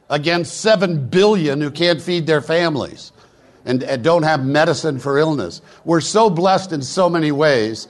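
Energetic middle-aged male motivational speaker. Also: a little high. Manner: energetic, preachy, rapid-fire. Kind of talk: live stage speech. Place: event hall.

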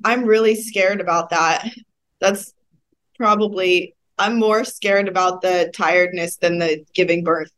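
A woman's voice: on the low side, fairly even intonation, measured pace, a bit bright. A young adult woman chatting as a podcast co-host, telling self-deprecating stories with a laugh. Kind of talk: casual storytelling.

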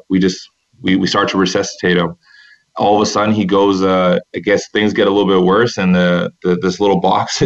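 This man speaks in a very low, gravelly voice with a flat delivery. He tells the story casually and earnestly, circling back on his words often. The recording sounds dull and muffled. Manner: earnest, rambling with many restarts. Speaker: former overseas pro basketball player. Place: seated at a table indoors.

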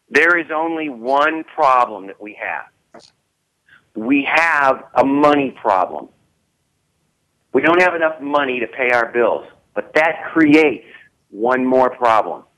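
Middle-aged guy giving a pep talk in an interview, blunt and folksy, hammers his points over and over, medium pitch. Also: fairly bright tone, poor audio. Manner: emphatic and repetitive, folksy and blunt. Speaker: business turnaround consultant, guest.

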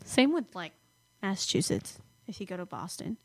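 A teenage girl co-hosting a podcast in casual chat, chatty and teasing, quick to laugh. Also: mid-range voice, big pitch swings, no room sound. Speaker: podcast co-host.

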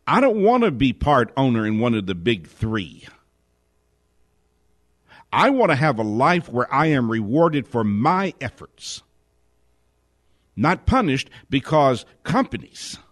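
A man giving a spoken commentary monologue, indignant, asking question after question and dropping to a hushed whisper for emphasis. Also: mid-range voice, no room sound, clean studio sound. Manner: indignant, rapid rhetorical questions. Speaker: host.

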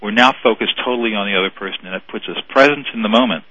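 A man's voice: fairly low pitch, racing, bright, forceful tone, no echo, lo-fi sound. A man guest on a radio show, earnestly explaining conflict mediation in a phone interview, often repeating words.

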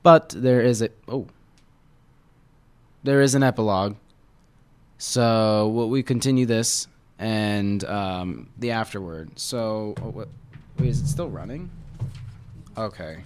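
A man's voice: on the low side, slow, pauses often, a little hiss or hum. A man reading a children's novel aloud in a casual way, with slips and restarts. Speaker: reader.

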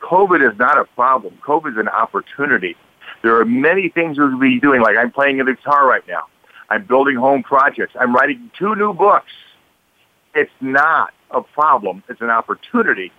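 A man's voice: mid-range voice, animated, moderate pace, no echo. Man in his sixties, motivational, dry, phone-line sound. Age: 60s. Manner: confident, motivational. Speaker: guest. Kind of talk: radio interview.

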